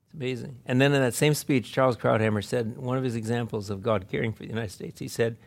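A man with a gravelly voice speaks earnestly to an audience. He is heartfelt, and his voice often breaks into laughter or emotion. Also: medium pitch, steady tone, fast talker. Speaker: speaker at a conference. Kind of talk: informal talk.

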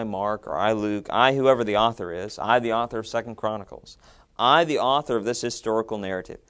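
A middle-aged man teaching a seminary class in a conversational, animated lecture, often acting out quotes. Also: mid-range voice.

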